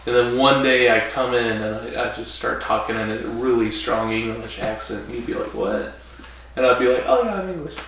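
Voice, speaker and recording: A man co-hosting a casual podcast chat, animated and rambling, laughing often between his thoughts. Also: medium pitch, brisk, few pauses, a little hiss or hum. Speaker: podcast co-host. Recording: echoey room, mic at a distance.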